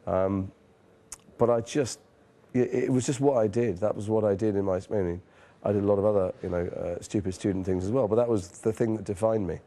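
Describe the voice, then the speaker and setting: Man, northern English accent, forties, deep-ish mellow voice, candid self-deprecating interview anecdotes. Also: steady tone, a little fast. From northern England. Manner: frank, self-deprecating storytelling with casual swearing. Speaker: actor being interviewed.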